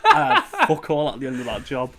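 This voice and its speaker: A man's voice: mid-range voice, wildly swooping pitch, normal speed, over a noisy crowd. A man with a Liverpool accent hosting a podcast, telling blunt, sweary stories with a laugh. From Liverpool, England. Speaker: podcast host. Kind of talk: casual podcast chat.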